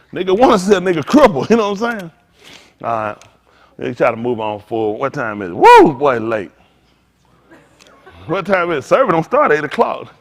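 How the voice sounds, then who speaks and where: A man preaching informally to a congregation, animated and conversational, acting out little dialogues as he goes. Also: a little high, brisk. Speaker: pastor.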